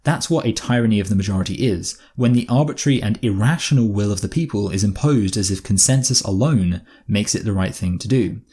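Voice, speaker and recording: A man delivers scripted essay narration on the low side, with a dark, mellow tone. His voice carries a slight husky grain. He argues his points in a dry, sardonic way. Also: a little fast, hardly any pauses. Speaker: video essayist.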